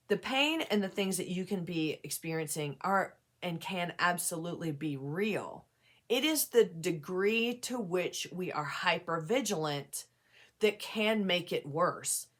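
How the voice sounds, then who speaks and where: A woman's voice: on the low side, fairly bright tone. A woman giving a casual, candid talk to camera about anxiety, earnest and validating, sometimes acting out a worried inner voice. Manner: earnest and candid, acts out anxious inner voice, frequent fillers. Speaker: mental health advocate and peer support specialist.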